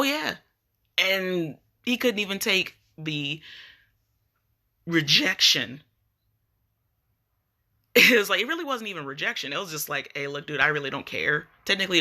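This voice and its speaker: A woman's voice: sits low, bright, forceful tone. A woman vlogger ranting casually on a live video, blunt and profane as she tells her story.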